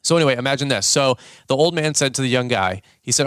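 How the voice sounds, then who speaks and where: A man's voice: mid-range voice, expressive, quick pace, fairly bright tone, clear, resonant tone, dry recording, studio quality. A man hosting a podcast, telling a story in a casual, rambling way with lots of fillers and restarts. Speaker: podcast host.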